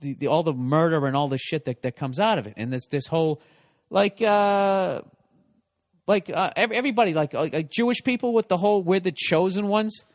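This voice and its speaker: A man's voice: fairly high pitch, lively intonation, fairly quick, no echo, studio quality. A man hosting a podcast, ranting profanely and emphatically in casual comedic chat. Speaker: podcast host.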